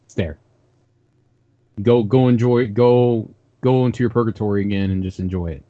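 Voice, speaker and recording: A man's voice: fairly low pitch, fairly even intonation, normal speed, mellow, dry recording, lo-fi sound. A man co-hosting a casual gaming podcast, rambling and laughing as he tells stories. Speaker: podcast co-host.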